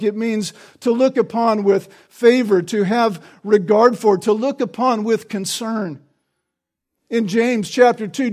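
A man's voice: high-pitched, a little mellow. A man preaching an expository sermon, explaining the text and often checking in with the listeners through tag questions.

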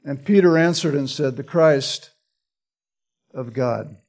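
A man's voice: mid-range voice, takes it slowly, a little mellow. A man preaching an expository Bible study, often repeating words and checking in with his listeners. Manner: repeats words while teaching, asks "right?". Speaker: pastor.

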